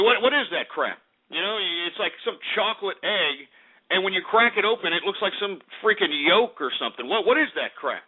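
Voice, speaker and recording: A man hosting a talk-radio show, ranting sarcastically and profanely about commodity prices. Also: high-pitched. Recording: phone-like radio broadcast.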